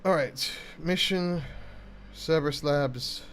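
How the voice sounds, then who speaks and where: A man's voice: on the high side, slow, a bit bright, slight background noise. A man with a Northern English accent giving casual, self-mocking let's-play commentary and reading game text aloud. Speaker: gameplay streamer. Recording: faint background game music.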